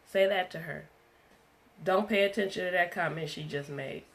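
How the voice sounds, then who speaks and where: A woman voicing God as a calm, steady inner voice, speaking in a low, hushed tone. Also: moderate pace, close to an everyday voice. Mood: instructing. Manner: calm, gently instructing.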